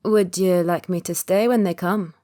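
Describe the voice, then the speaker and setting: A woman narrator voices a reserved, thirty-one-year-old secret agent in an audiobook romance, reading him lightly acted, low, and steady without theatrics. He comes across quiet, earnest, and guarded, opening up only slowly.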